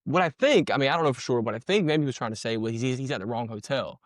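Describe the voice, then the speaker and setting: A man's voice: mid-range voice, fast talker, no room sound, studio quality. A man giving casual, slangy commentary on a video, repeating himself and punching in sound-effect words. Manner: slangy, conversational. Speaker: commentator breaking down police footage.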